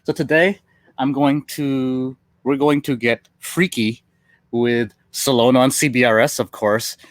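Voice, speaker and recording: A man's voice: medium pitch, steady tone, a little slow, dry recording. A man who is a tech marketing engineer, presenting on a webinar in a casual, upbeat way with some fillers.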